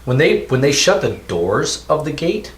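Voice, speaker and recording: A man's voice: fairly high pitch, big pitch swings, normal speed. A man running a tabletop game as game master, rambling and restarting his descriptions. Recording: echoey room with faint music.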